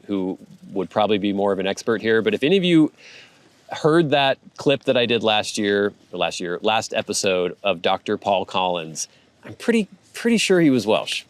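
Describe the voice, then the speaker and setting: Guy, kinda low voice, rambling casual chat reading comments, dry sound. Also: no room sound. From United States. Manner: rambling, chatty, laughs often. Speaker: host reading viewer comments.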